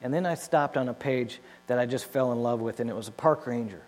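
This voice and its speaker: A man telling his life story to an audience, animated and acting out his own past words. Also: medium pitch, brisk. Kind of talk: personal testimony to an audience. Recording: long hall reverb with mains hum.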